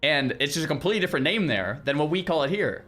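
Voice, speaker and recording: Animated streamer man. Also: a little high, fast, faint music behind. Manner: animated, exclaims loudly and rambles with restarts. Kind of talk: casual livestream chat with viewers.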